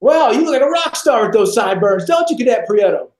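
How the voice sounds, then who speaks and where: A man putting on a loud, sarcastic male military drill instructor who taunts a recruit. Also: very high-pitched, big pitch swings, fast, voice pushed up. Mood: mocking. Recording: roomy echo.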